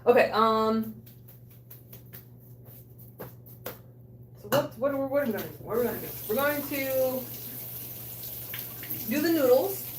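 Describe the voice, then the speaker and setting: A woman hosting a cooking livestream, chatting casually, loud, joking and swearing with her chat. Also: sits high, a little slow, long pauses, slight background noise. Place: small bathroom. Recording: echoey room, a bit distant.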